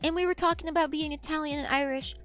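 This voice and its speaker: Very high-pitched rambling young woman. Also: fairly even intonation, fast, a bit bright, soft background music. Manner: rambling, self-interrupting, swears freely. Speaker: streamer. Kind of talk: casual chat.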